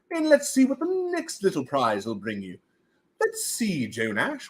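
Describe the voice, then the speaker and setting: A man hosts a casual livestream from home, goofy and animated and forever slipping into silly voices. His voice sits fairly high for a man. It swoops wildly up and down from line to line. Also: unhurried. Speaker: livestream host running giveaways.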